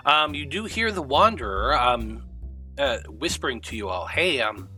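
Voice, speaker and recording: A man narrating as game master of a tabletop game, relaxed and upbeat, with many fillers. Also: mid-range voice, moderate pace, faint music behind.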